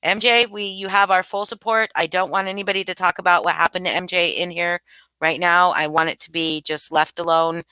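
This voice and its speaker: A woman's voice: fairly low pitch, steady tone, brisk, pushed and bright, clean tone, dry recording, poor audio. A middle-aged woman from the United States hosting a casual livestream, chatting loosely and answering her chat with many restarts. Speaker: livestream host.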